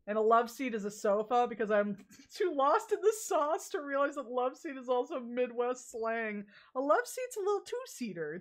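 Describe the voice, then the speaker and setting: A woman's voice: fairly high pitch, expressive, normal speed. A young woman from the American South chatting casually with her stream chat while playing a game, laughing often and swearing freely. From Southern United States.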